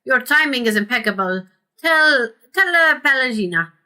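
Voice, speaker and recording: A woman's voice: high-pitched, animated, moderate pace, pushed and bright, clear, resonant tone, exaggerated voice. A woman voicing a desperate male merchant who begs for his life, reading his lines aloud as she plays a game. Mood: pleading. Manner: begging, frantic.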